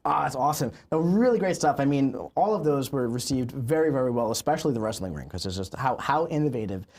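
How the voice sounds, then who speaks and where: A man in his thirties hosting an official game livestream with hyped, chatty energy and drawn-out emphasis. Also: medium pitch, expressive, a little mellow, a little hiss or hum. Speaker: livestream host.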